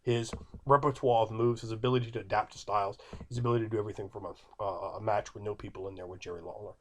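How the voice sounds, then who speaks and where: This man in his thirties speaks on the low side, at a quick pace, with fairly even intonation. He's a video creator giving emphatic, opinionated commentary, circling back to the same points and arguing with an imagined viewer.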